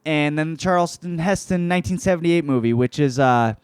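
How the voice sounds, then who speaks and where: A man's voice: on the high side, brisk, clear, resonant tone, dry recording. A man hosting a casual comic book review, talking in a profane, rambling way. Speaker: host.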